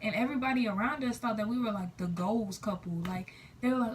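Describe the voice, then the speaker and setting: Young female vlogger, casual storytime delivery, slightly high voice, recorded a little off-mic. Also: quick pace, far from the mic, slight background noise. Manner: chatty, lots of "like", quoting herself and others.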